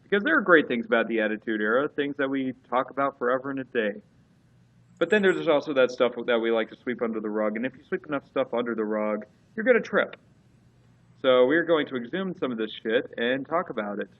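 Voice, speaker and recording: A man's voice: medium pitch, expressive, fast talker, narrow, tinny audio. A man co-hosting a casual wrestling chat, rambling with lots of fillers and restarts. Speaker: podcast co-host.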